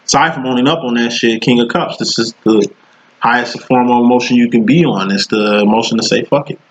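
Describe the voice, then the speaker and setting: A man's voice: medium pitch, a little fast, muffled recording. A man giving a casual tarot reading, talking in a profane, slangy, rambling way. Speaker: tarot reader.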